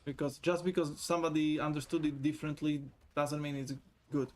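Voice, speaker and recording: A man's voice: on the high side, steady tone, brisk. A man streaming live, chatting casually, reading viewers' messages aloud, rambling and swearing with frequent laughter. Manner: rambling, profane, laughs often, reads chat aloud.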